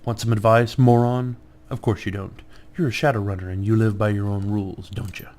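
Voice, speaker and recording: A man's voice: lowish voice, fairly even intonation, brisk, darkish tone, lightly acted. A man voicing a sneering, contemptuous male cop from a video game, reading his lines aloud. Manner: taunting, contemptuous. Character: sneering mercenary cop McCluskey, male adult.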